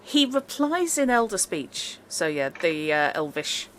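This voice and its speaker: A woman narrating as game master of a tabletop game, talking in an unhurried, chatty way with asides. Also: lowish voice, sing-song, a bit bright, a little hiss or hum.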